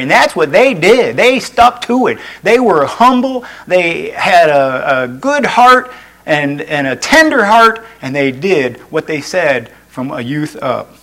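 A man's voice: on the high side, very animated, slow pace, fairly bright tone, rough recording. A male pastor preaching a sermon in an earnest way. He restates each point and adds folksy asides.

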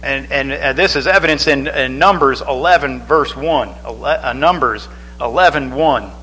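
A man's voice: mid-range voice, normal speed, pushed and bright, faint music behind, poor audio. A man preaching a sermon in a loose, chatty way, with many restarts and asides. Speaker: pastor.

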